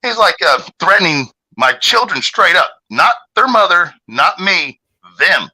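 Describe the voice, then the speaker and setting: A man hosting a livestream panel, telling a long story in casual, profane talk and jumping up in pitch when he gets outraged. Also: a little slow, husky, poor audio. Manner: animated, swings pitch up sharply when outraged.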